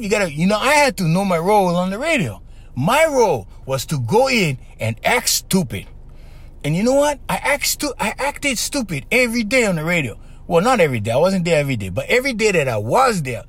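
A man's voice: high voice, a bit bright. A man, rambling casually as host and often laughing as he talks to listeners. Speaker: host, former radio voice performer.

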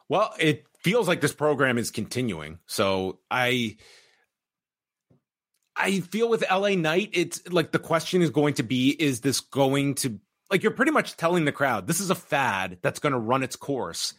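A man co-hosting a wrestling review podcast, speaking in a measured way with frequent restarts and fillers. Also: medium pitch, big pitch swings, a bit bright, no room sound, studio quality. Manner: measured, repeats words, many fillers. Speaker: podcast co-host. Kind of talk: casual wrestling review chat.

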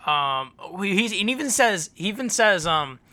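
A man hosting a podcast in casual chat, rambling with fillers and deadpan jokes. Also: high voice, moderate pace, no echo. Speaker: podcast host.

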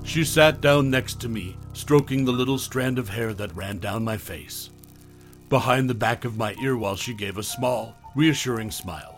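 A male narrator reads a scripted horror story in a soft, hushed voice. His lines often sink low and quiet at their ends, and his pitch sits in a middle range. Faint music plays underneath. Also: normal speed.

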